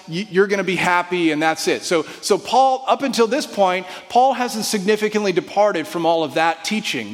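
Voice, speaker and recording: A male pastor preaching a sermon, swinging from loud emphatic peaks to hushed, soft passages and often checking in with "okay?" and "right?". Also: fairly high pitch. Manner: frequent "okay?" and "right?" check-ins, repeated restarts. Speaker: guest pastor. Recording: long hall reverb.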